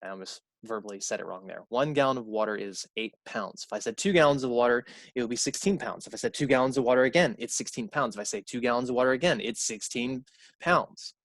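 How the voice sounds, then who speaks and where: Guy teaching a college math lecture, middle pitch, repeats stuff, fixes his own slips, dry close sound. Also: fast, fairly bright tone, dry recording. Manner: conversational, repeats key points, corrects himself aloud. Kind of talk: recorded lecture.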